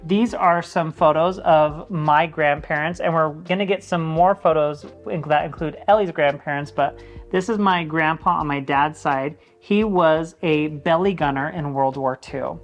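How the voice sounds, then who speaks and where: A man talking casually to his viewers, chatty and earnest, telling stories with plenty of fillers. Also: on the high side. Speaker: vlogger giving an office tour. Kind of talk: casual tour chat to camera.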